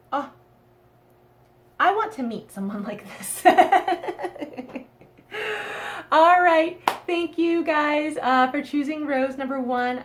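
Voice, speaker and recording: A woman with a Boston accent giving a chatty, rambling tarot reading to camera, often checking in with "okay?". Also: a little high. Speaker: tarot reader.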